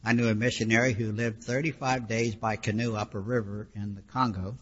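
A man preaches a sermon, explaining scripture in a conversational, teaching style with frequent asides. His voice is fairly low, a bit bright, and slightly rough, with little pitch movement and a slightly fast pace. The recording is dull and lo-fi, with long hall reverb.

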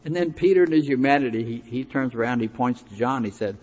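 A male preacher gives a sermon in a folksy, conversational way, with chatty asides and fillers. His voice sits at a middle pitch. The recording is dull and lo-fi, with the long echo of a big hall. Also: lively intonation, fast, hardly any pauses, a little mellow.

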